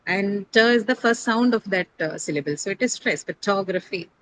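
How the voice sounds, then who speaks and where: In a classroom, a woman teacher leads a pronunciation lesson, explaining each point step by step and asking her students questions. She speaks at a normal speed in a medium pitch, hesitating on fillers and correcting her own slips. The recording is rough, with a faint ambient hum behind her.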